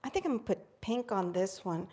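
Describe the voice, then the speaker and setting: A woman's voice: medium pitch, sing-song, brisk, mellow. A middle-aged woman hosting a live craft stream, bubbly and chatty, calling her viewers friends. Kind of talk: casual live craft demo chat.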